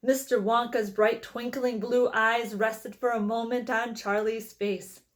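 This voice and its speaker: High-voiced woman reading a storybook. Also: a little slow. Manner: expressive storytelling. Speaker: reader. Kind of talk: reading a children's novel aloud.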